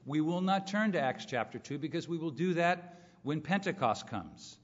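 A man delivering a sermon, explaining scripture to his congregation in an earnest, emphatic teaching voice. His voice sits slightly high. The sound is muffled and carries a long hall reverb. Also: expressive, moderate pace. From California. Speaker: pastor.

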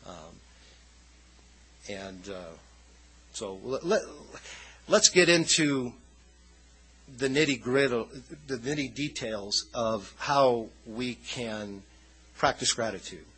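Male preacher, husky tone with a bright, forceful edge; chatty, rambling sermon delivery. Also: mid-range voice, animated, slow pace, long pauses, poor audio. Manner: conversational, loose and rambling. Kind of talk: informal sermon.

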